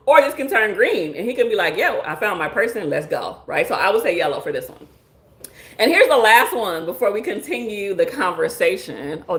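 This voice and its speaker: A woman therapist hosting a live stream with features brings a playful, lively tone to reading chat comments, laughing often and acting out those she quotes. She speaks in a mid-range voice within a reverberant space.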